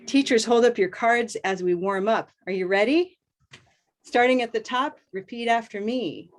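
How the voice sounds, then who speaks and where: A woman teaching English pronunciation on a live video call, slowly modeling words and vowel sounds for her class to repeat. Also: fairly high pitch. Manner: slow, deliberate, models sounds for repetition. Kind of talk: live online class, slow drilling.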